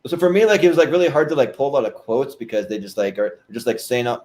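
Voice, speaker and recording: A man's voice: medium pitch, animated, fast talker, darkish tone. A young man co-hosting a podcast, talking casually and hesitantly with lots of fillers. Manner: hesitant, heavy use of "like" and fillers. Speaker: podcast co-host. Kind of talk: casual chat.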